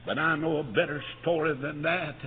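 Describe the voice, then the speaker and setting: A man preaching a revival sermon, telling stories that rise into shouted climaxes. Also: fairly high pitch, normal speed, breathy edge. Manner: storytelling, building to shouted climaxes. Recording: tinny lo-fi recording in a reverberant hall.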